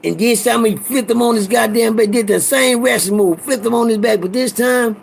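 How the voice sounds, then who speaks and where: A man spins a casual, profane tale, wandering off and repeating himself as he goes. His voice sits high and is thick with gravel. There's a husky, raspy grain under every word. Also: brisk. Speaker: storyteller. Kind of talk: casual storytelling.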